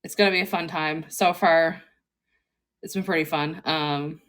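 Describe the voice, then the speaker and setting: A woman's voice: deep voice, steady tone, a little slow, a bit bright. A woman co-hosting a podcast, chatting casually in a laid-back, rambling way and giggling often. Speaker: podcast co-host. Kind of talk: casual chat.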